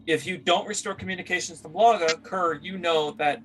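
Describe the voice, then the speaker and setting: A man's voice: high-pitched, a little fast, fairly bright tone. A man narrating as game master for a tabletop game, rambling with many fillers as he searches for words.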